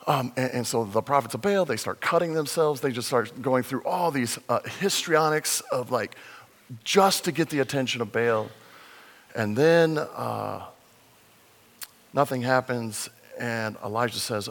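A man preaching a sermon in a conversational way, slowing to stress points, with fillers and restarts. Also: mid-range voice, lively intonation, a bit bright. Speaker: pastor. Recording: long reverb in a large hall.

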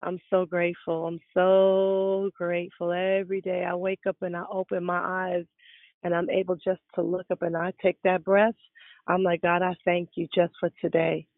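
Fifties woman, prayer-line hostess, even flat delivery over a tinny phone line. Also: on the low side, normal speed, gravelly, no echo. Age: 50s. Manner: warm, greeting each caller. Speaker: prayer call host. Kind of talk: welcoming callers on a prayer line.

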